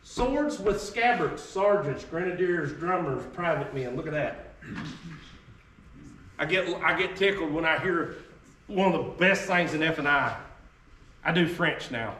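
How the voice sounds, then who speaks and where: In an echoey room, picked up from a distance with slight background noise, a man gives a group an informal history talk as a reenactor. He's folksy, emphatic and conversational, drawling in his asides, and his voice is on the high side, animated, pushed and bright, a little slow with long pauses.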